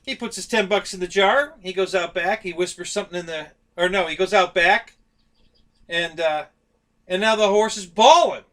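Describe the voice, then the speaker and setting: Man, live stream host, high voice, bright tone, rambling joke-teller. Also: normal speed. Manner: chuckles at his own jokes, loose and rambling. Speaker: show host.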